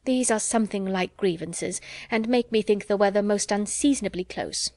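A woman's voice: mid-range voice, moderate pace, a little mellow, no room sound, lightly acted. A fussy, talkative housewife from a period audiobook, as a woman puts her on, chattering through her complaints with a raised, busier voice. The reading is dry and close, with no room sound. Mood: fretful. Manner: chattering, put-upon complaining.

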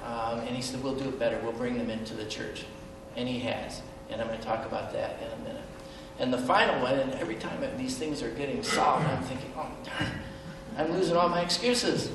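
A man's voice: mid-range voice, steady tone, brisk, hardly any pauses. A middle-aged man telling a personal story at a benefit event, earnest and self-deprecating, with hesitant ums. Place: large event hall. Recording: echoey hall, mic far off, faint background noise.

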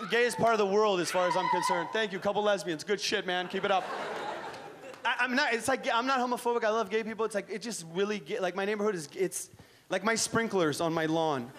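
A man from Iran doing live stand-up comedy as host, energetic, profane and teasing the crowd. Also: high-pitched, fairly quick. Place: comedy club stage. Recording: noisy club with crowd laughter.

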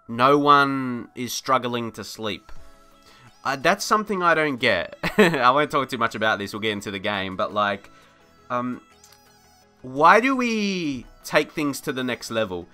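A man hosting a gaming video, giving casual gameplay commentary in a chatty, rambling way, laughing often and getting excited at good plays. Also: medium pitch, a little slow, soft background music.

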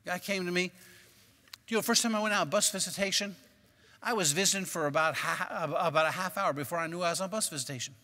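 A man preaching a sermon as a personal story, moving between quiet recollection and loud, emphatic bursts. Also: sits high, fast talker, long reverb tail. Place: church sanctuary.

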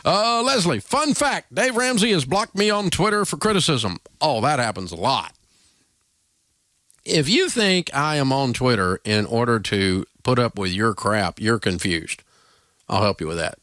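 A man's voice: mid-range voice, big pitch swings, normal speed, a bit bright, no echo, studio quality. A man with a Southern US accent hosting a talk radio show, blunt and joking in casual banter.

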